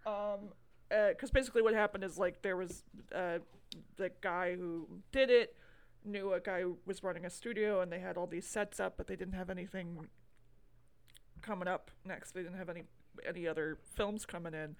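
A woman's voice: fairly low pitch, steady tone, moderate pace, smooth, no echo, poor audio. A woman co-hosting a casual movie podcast, chatting with enthusiasm and lots of fillers and asides. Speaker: podcast co-host.

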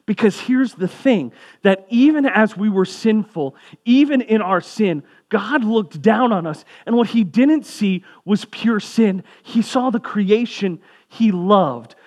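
Young male pastor with a fairly high voice, preaching in a relaxed, conversational tone. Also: slow, few pauses. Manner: conversational preaching, casual asides. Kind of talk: sermon.

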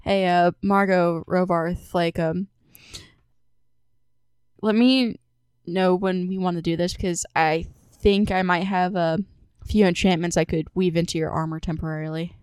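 A well-meaning but unsure craftsman offers help in halting phrases, as a woman puts him on. The voice is fairly low and smooth, recorded dry and close. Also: steady tone, darkish tone, no room sound, close to an everyday voice. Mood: helpful. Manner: halting, filler-heavy, friendly. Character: hesitant, well-meaning male craftsman adventurer.

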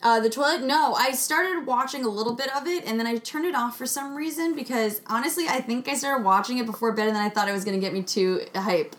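A woman's voice: fairly high pitch, fast talker, hardly any pauses. A woman hosting a podcast in casual chat, giggly and teasing. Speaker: podcast host.

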